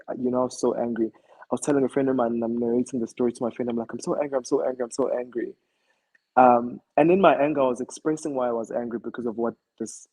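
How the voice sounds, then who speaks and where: Male musician guest, Zulu South African accent, husky, reflective storyteller. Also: medium pitch, a little mellow, poor audio. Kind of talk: casual interview talk.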